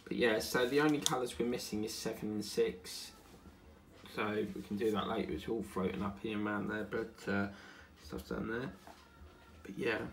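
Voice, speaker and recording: A tired man who runs a diamond painting channel chats casually at home while crafting, rambling between topics, yawning and humming to himself. His fairly low, creaky voice keeps a steady tone at normal speed, with a little hiss or hum.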